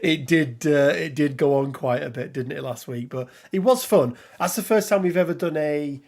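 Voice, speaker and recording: A man's voice: on the high side, normal speed, darkish tone. Chatty middle-aged man hosting a live stream. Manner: chatty, rambling, reads out viewer names. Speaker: host. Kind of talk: casual live-stream chat.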